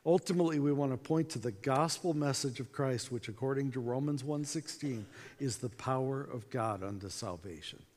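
A man giving a storytelling talk to a conference audience, acting out dialogue in an animated way, with reverb from a hall. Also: mid-range voice, moderate pace. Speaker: conference speaker.

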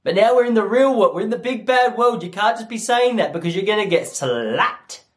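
A man in his thirties hosting a solo comedy podcast, rambling in a self-mocking way and slipping into quick character voices. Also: high voice. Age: 30s.

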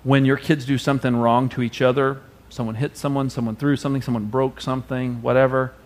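A man delivers a sermon to his congregation in an expressive, conversational preaching style. His voice sits at an average pitch for a man. He now and then acts out the people he quotes. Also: a little fast. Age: adult parent. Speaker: pastor.

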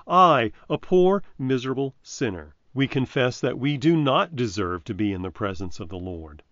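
A man delivers a short devotional reflection in a measured, reverent voice of middle pitch. The recording is dry and a little dull, as if made close to a modest microphone. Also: dry recording. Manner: measured, reverent reading with emphatic quotes. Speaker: preacher.

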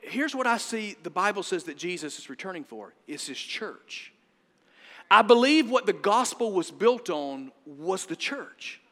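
A middle-aged man preaching a sermon as pastor, emphatic, swinging between loud and hushed. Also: high voice, big pitch swings, measured pace. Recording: long hall reverb.

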